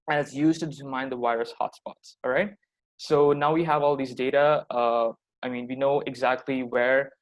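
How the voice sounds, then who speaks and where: A teenage boy giving a persuasive pitch presentation over a video call, often checking in with "all right?". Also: low-quality recording. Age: teens. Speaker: student presenter.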